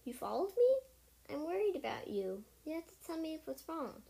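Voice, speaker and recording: A steady, caring tomcat leader from a storybook, gentle and reassuring, done by a woman reading aloud. The voice stays fairly high with no attempt to sound deep. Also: fairly quick, gravelly, full character voice. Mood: concerned.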